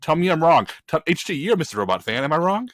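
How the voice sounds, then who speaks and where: A man on a film podcast panel, ranting in an animated, emphatic and opinionated way in casual chat. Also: a little high, fast, dry recording, clean studio sound.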